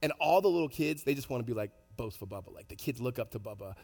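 A man preaching a sermon in a conversational storytelling way, animated, with many fillers and restarts. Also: mid-range voice, fast, big-room sound, soft background music. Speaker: pastor.

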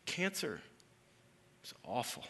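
A man preaching a conversational sermon as pastor, rising to loud emphasis and dropping to hushed lows. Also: huge pitch swings, slow pace, slight background noise. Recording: hall reverb with faint room ambience.

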